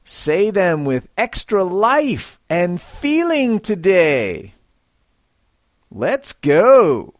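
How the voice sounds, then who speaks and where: A male English teacher talks slowly and clearly, giving a scripted lesson. His pitch swings widely as he acts out example sentences to show intonation. The recording is dry and close. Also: huge pitch swings, dry recording. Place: Japan.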